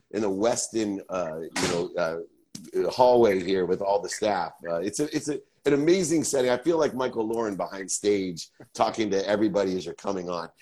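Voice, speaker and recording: A man in his fifties hosting a podcast interview, talking quickly and enthusiastically from a hotel hallway. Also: low voice, darkish tone, husky. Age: 50s. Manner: quick, enthusiastic, swears casually. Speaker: podcast host. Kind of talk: casual interview chat.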